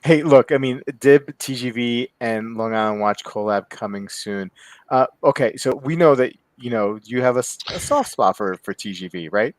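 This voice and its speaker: A man hosting a casual group talk about watches, chatty and full of questions and quick restarts. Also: mid-range voice, no echo. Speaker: podcast host.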